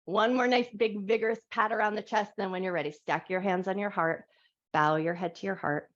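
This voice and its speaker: A woman teaching a live yoga class on a clip-on mic, giving soft, soothing guided cues. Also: medium pitch, steady tone, fairly quick. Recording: dull lo-fi live class audio.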